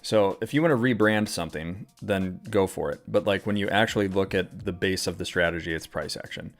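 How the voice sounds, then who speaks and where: Deep-voiced and fairly quick, a man runs a live trading stream with soft music in the background. His market commentary is casual and full of fillers, and he rants with frequent cursing and frustration.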